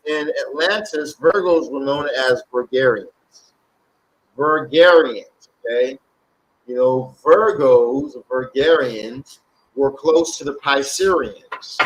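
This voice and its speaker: A man's voice: medium pitch, a bit bright, slight background noise, rough recording. A man who calls himself a shaman, talking casually to camera. He rambles, repeats himself, and keeps checking in with "okay?". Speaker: self-styled shaman and spiritual reader. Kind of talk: casual direct-to-camera pitch.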